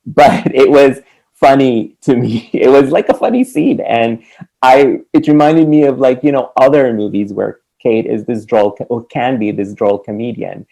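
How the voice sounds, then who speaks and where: A man's voice: mid-range voice, moderate pace, gravelly, dark tone, poor audio. A man co-hosting a podcast, talking casually and animatedly about a film, laughing often. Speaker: podcast co-host.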